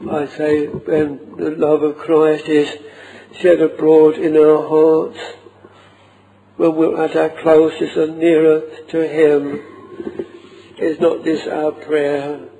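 A man's voice: fairly high pitch, gravelly, dark tone, slight background noise, low-quality recording. A man preaching an earnest, old-fashioned sermon with archaic phrasing. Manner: slow, earnest, archaic King James phrasing.

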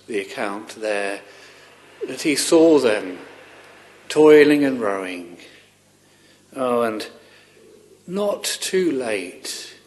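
A man of medium pitch preaches a sermon earnestly and haltingly, repeating words as he restarts. His voice rises with fervor on pleading questions.

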